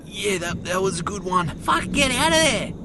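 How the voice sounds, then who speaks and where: A man, cursing hard and urging a mate on in a high, jumpy voice. Loud noise sits all over the recording. He swings wildly up and down as he talks. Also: big pitch swings, normal speed. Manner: swearing, shouting encouragement. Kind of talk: panicked banter amid chaos.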